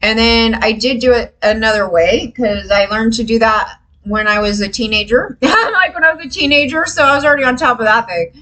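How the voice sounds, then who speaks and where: A woman vlogger ranting casually to camera, frustrated and animated, swearing freely and mimicking others. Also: fairly high pitch, a little fast, low-quality recording.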